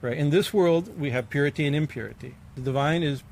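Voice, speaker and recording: Male swami, gravelly voice, informal halting discourse with frequent fillers and bursts of emphasis, faint background hiss. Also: on the high side, a little mellow. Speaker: swami giving a scripture class.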